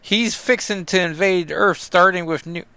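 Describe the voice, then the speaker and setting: A young male hero with a put-on Kentucky drawl, as a man reads him out. He sounds folksy and earnest, pitched a little above the reader's own voice. The tone is bright and crisp, with a dry, close sound. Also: moderate pace, dry recording.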